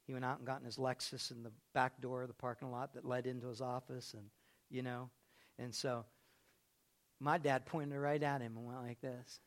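A man preaching a sermon, telling a story and swinging between hushed delivery and loud, raised passages. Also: mid-range voice, little pitch movement, moderate pace.

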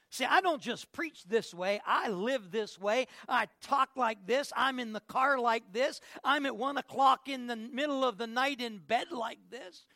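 A male pastor preaching an Easter sermon, swinging from quiet passages to shouted declarations and rapid questions to the congregation. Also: very high-pitched, vocal fry, no echo, studio quality.

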